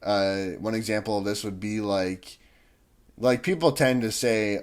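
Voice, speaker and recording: A man's voice: fairly low pitch, a little slow, smooth. A young man vlogging, ranting in a rambling, irritated way with many restarts and fillers. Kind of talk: casual ranting monologue.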